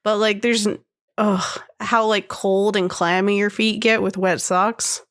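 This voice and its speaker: Woman at a game table podcast, dry quips, mid pitched easy voice. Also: level tone, measured pace, fairly bright tone. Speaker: player and co-host. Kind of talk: casual podcast chat.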